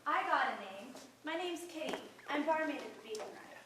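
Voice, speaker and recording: An actress playing a bold, defiant young barmaid in a school stage play, speaking sharp and confrontational. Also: female voice, high-pitched, expressive, brisk. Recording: echoey stage from far off with faint noise.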